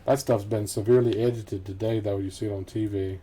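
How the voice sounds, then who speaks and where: A man's voice: lowish voice, fairly even intonation, brisk, dark tone, slight background noise. A middle-aged man chatting casually and ramblingly over gameplay, often chuckling to himself. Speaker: gameplay commentator. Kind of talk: casual let's-play commentary.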